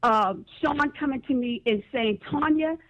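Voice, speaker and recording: Earnest woman guest, higher voice. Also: expressive, normal speed, highs cut off, crowd noise. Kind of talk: casual interview.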